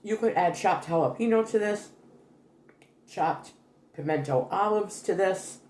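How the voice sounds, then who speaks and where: This older woman's cooking vlog has a homey feel: in her home kitchen, she gives a casual demonstration of a recipe, chatting and correcting herself. Her mid-range voice is animated, a little mellow, and unhurried, and the room is reverberant.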